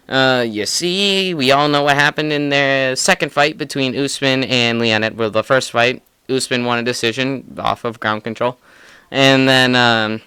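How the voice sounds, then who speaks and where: Casting: young male podcast co-host, excitable and profane, clear bright tone. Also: mid-range voice, no echo. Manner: excitable, profane, laughs often. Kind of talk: casual sports chat.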